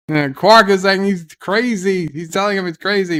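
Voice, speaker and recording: Man, slightly high voice, casual live episode commentary, loose retelling, lots of fillers. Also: normal speed, few pauses, sharp tone. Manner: answers viewer chat in passing. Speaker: host of a live watch-along commentary.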